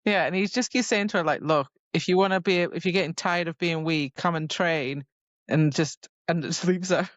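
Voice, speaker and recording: A woman's voice: on the low side, normal speed, dry recording. A woman co-hosting a book podcast in casual chat, chiming in with agreement and laughs. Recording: dull, dry lo-fi sound.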